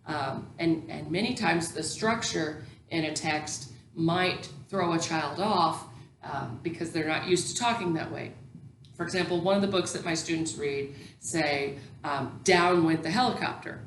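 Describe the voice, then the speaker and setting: Woman teacher talking thru a lesson, lowish voice, lots of ums, echoey room w faint hiss. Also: a little slow. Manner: explanatory, with frequent ums and restarts. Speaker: teacher educator. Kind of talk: recorded lecture.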